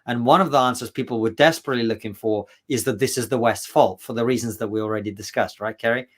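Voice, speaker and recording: A man with an ordinary mid-pitched voice talks as an interview guest. He is emphatic and sometimes stumbles and restarts mid-thought. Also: fast talker. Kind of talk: casual interview talk.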